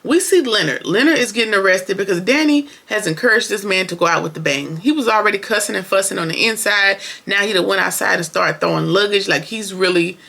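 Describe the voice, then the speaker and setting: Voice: mid-range voice, a little fast, gravelly, few pauses, bright, forceful tone. A show reviewer recapping an episode in casual, opinionated, slangy chat, talking straight to viewers.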